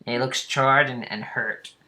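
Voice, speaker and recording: A man running a tabletop game as game master, describing the scene in an unhurried way with frequent ums. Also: medium pitch, fairly even intonation, pushed and bright, slight background noise.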